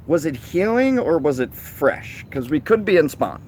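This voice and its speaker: A man's voice: a little high, sing-song, normal speed, darkish tone, slight background noise. A man co-hosting a live fishing stream outdoors at night, asking questions and chatting loosely about catfish spawning. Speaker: fishing show co-host. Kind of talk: casual live-stream chat.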